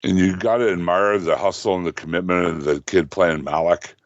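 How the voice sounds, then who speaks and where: Deep-voiced man making joking asides. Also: fairly even intonation, fairly quick, no echo, dull audio. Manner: laughs often, jokey asides. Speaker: podcast guest. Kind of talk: casual podcast chat.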